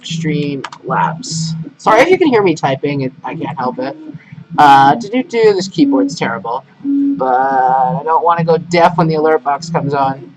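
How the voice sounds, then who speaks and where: Setting up a casual live stream in noisy home audio, a man rambles along, humming and muttering to himself. His voice is fairly high and expressive, at a normal speed.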